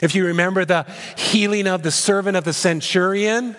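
A male pastor preaching an expository sermon in a church sanctuary, animated, moving between loud and hushed delivery. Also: sits high, fairly quick, hardly any pauses. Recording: long hall reverb.

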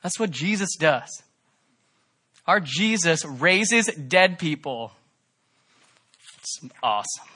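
Male pastor preaching with a bright, slightly high voice; fervent, swinging between emphatic peaks and quiet pleading. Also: animated, slow, long pauses, husky. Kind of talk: sermon.

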